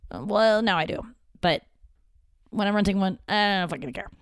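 A woman's voice: medium pitch, lively intonation, normal speed, clean tone, no room sound, studio quality. A woman comedian telling a rambling, profane story from her home office, acting out what other people said. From St. Louis area. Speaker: stand-up comedian and podcast host. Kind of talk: casual solo storytelling monologue.

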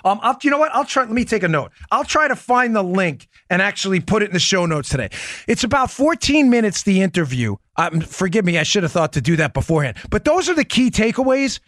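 A man hosts a political commentary show, pressing his points with emphatic rhetorical questions and checking in with his co-host. His voice sits fairly high for a man. The sound is dry and close, with no room echo. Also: big pitch swings, fast, a bit bright. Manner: talks to his co-host by name. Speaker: podcast host.

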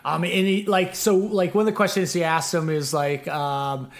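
A man's voice: a little high, steady tone, normal speed. Rambling podcast host man. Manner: rambling, many fillers, laughs easily. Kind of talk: casual chat.

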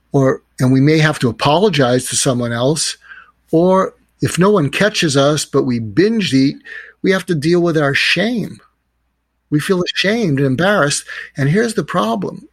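A man's voice: mid-range voice, no room sound. A man, a podcast guest, telling stories and giving advice in an earnest, reflective way. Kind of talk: conversational storytelling.

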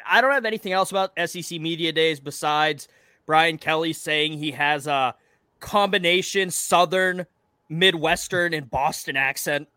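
A man's voice: fairly high pitch, normal speed, pushed and bright, smooth, no echo, clean studio sound. A man co-hosting a sports podcast in casual chat, joking and swearing freely. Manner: profane, joking banter. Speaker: podcast co-host.

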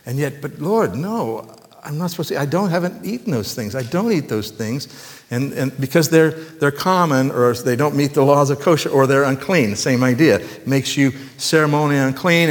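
A man preaches in an easy, folksy way, tossing joking asides to the congregation between scripture readings. His voice sits at an ordinary middle pitch. The sound carries a long reverb from a church sanctuary. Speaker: pastor. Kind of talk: conversational sermon.

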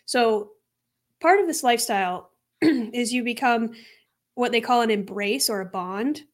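A woman's voice: on the high side, measured pace. A young woman co-hosting a true crime podcast in casual chat, laughing often as she talks. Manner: giggly, laughs often mid-sentence. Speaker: podcast co-host.

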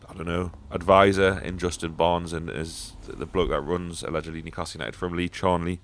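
A man's voice: low-pitched, steady tone, fairly quick. A man hosting a casual football podcast, talking bluntly with swearing and frequent fillers. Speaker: podcast host.

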